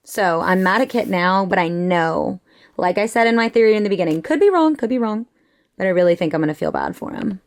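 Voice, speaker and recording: A woman's voice: fairly low pitch, fast talker. A young woman in her twenties chatting casually in a reading vlog, reacting dramatically and gushing about a book. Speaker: book vlogger.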